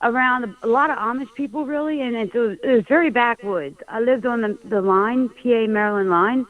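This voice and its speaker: A woman from Pennsylvania calling into a show, telling her story hesitantly with many pauses and fillers. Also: on the high side. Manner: hesitant, lots of ums. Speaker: caller. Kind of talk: phone call story. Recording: dull phone-line sound.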